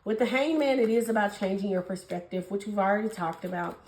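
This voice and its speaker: A young woman doing a casual tarot reading for her viewers, talking fast in a gushing, affectionate way and calling them honey and babies. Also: mid-range voice, echoey room, noisy background. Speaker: tarot reader.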